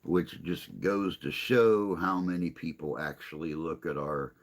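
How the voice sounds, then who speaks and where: A man's voice: low-pitched, unhurried. An older man hosting a casual livestream chat, reading viewer comments aloud in a rambling, self-deprecating way.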